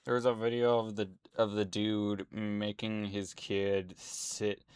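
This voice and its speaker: A man's voice: on the low side, flat delivery, slow pace, darkish tone, clean tone, no echo. A man at home, rambling indignantly as a YouTuber in casual ranting commentary, full of fillers.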